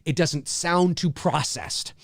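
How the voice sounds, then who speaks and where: A man's voice: on the high side, slow, vocal fry, dry recording, studio quality. A middle-aged man from Canada co-hosting a live commentary show, talking in a rambling way full of restarts. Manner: rambling, restarts with "you know". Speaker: podcast co-host.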